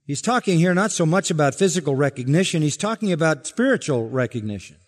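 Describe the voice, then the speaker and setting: A man preaching a sermon as pastor, emphatic and building his points through rhetorical questions. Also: medium pitch. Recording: long reverb from a large hall.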